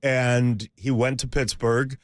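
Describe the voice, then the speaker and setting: A man co-hosting sports talk radio in a mid-pitched voice. He rambles through an animated story, and the sound is close and dry. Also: slow pace, no echo.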